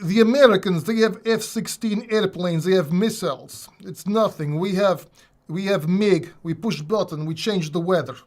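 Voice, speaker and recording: A man's voice: high-pitched, moderate pace, a little mellow, close to an everyday voice. A man doing a comic put-on Russian accent as a boastful Russian, bragging in broken English.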